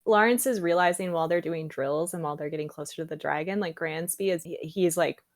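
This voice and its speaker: Low-voiced woman, casual podcast co-host. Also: fast talker, dry recording, studio quality. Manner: animated retelling with many fillers. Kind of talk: casual book discussion.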